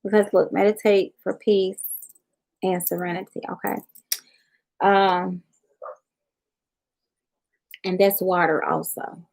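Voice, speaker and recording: A middle-aged woman from Memphis talks in a loose, folksy Southern drawl, reading her viewers' comments on a live tarot stream. Her voice has a gravelly, fry-laced edge at a middling pitch. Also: level tone, slow pace, long pauses, a little mellow. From Southern United States. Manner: folksy, reads viewer comments aloud and addresses them as y'all and honey. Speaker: tarot reader on a livestream. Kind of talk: casual livestream chat with viewers.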